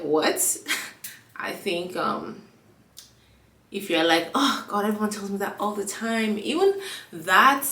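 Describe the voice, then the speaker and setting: A young woman vlogs in a casual chat with a stuffy nose and a frog in her throat. She's chatty, uses lots of fillers, and acts out quoted dialogue. Her voice is fairly low and fairly bright, recorded away from the mic in an echoey room.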